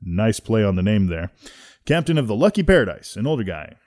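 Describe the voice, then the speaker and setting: A man's voice: on the low side, sing-song, fairly quick, darkish tone. A man talking casually and hesitantly before reading audition lines. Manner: hesitant, many fillers. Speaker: voice actor auditioning.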